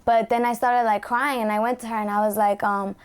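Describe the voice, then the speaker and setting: Young woman, slightly high, smooth voice, casual rambling storyteller. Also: little pitch movement, brisk. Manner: rambling with many "like" fillers. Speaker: documentary subject. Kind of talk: personal storytelling.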